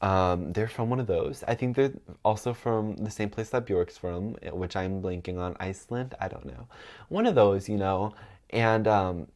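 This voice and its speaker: A man's voice: lowish voice, moderate pace, darkish tone. A young man vlogging in casual chat, rambling with lots of ums and likes, sounding stuffed up. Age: young adult.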